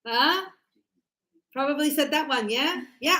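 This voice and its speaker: Slow, higher-voiced woman teaching a class. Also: poor audio. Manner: animated, acts out examples, checks understanding often. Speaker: English teacher. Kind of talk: classroom pronunciation lesson.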